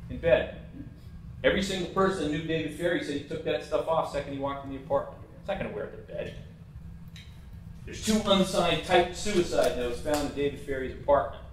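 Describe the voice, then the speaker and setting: A man's voice: fairly high pitch, a little hiss or hum. A man giving a casual, blunt, opinionated talk as a presenter over a slideshow. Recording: echoey room, mic at a distance.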